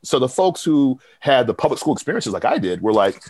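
A man's voice: medium pitch, a little fast, breathy edge, no echo. A man, a professor from Texas, telling stories in a casual interview and acting out what others said. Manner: animated, quotes others in lively bursts. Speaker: professor and program director. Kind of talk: conversational interview storytelling.

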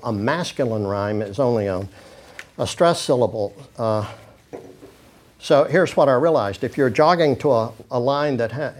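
Halting male lecturer full of fillers. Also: mid-range voice, darkish tone. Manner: halting, many fillers and restarts; reads quoted passages then comments casually. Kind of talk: informal lecture reading from handouts.

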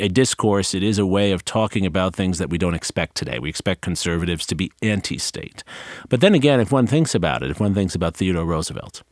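A man with a very low voice hosts a relaxed interview and puts long, reflective questions to his guest. His pitch swings a lot as he talks. The sound is close and dry, with no room around it. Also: no echo. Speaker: podcast host. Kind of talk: conversational interview.

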